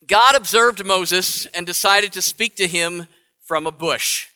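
Bright-voiced pastor telling a story. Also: male voice, high voice, slow pace, clean tone. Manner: playful, laughing asides. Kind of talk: storytelling sermon. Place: church sanctuary. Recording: echoey church hall.

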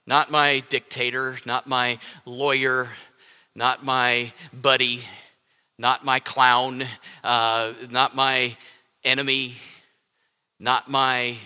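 A man preaching a sermon as pastor, repeating phrases with halting restarts and emphatic lists. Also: mid-range voice, flat delivery, bright, forceful tone, clear, resonant tone, long reverb tail.

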